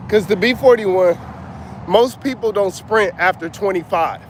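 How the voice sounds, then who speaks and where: A man's voice: high-pitched, unhurried. A middle-aged man who is out of breath, talking casually on an outdoor livestream as a motivational coach and chatting with viewers by name. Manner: casual, reads out viewer names. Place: outdoors by a street. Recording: faint street noise outdoors. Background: traffic.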